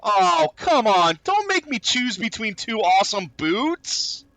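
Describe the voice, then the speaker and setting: A man streaming a game, chatting casually and excitably as he plays. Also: high-pitched, slow pace, no echo. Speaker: gaming streamer.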